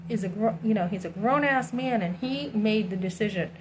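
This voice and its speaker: Animated woman ranting in a vlog. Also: mid-range voice, moderate pace, few pauses, slight background noise, low-quality recording. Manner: animated storytelling, acting out others' lines. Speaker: vlogger. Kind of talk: candid personal vlog rant.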